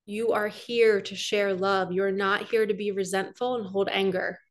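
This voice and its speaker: A woman's voice: mid-range voice, fairly even intonation, normal speed. Earnest chatty woman reading oracle cards. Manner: earnest, chatty and rambling, addressing viewers directly. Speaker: spiritual coach doing card readings. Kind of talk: casual oracle card reading monologue.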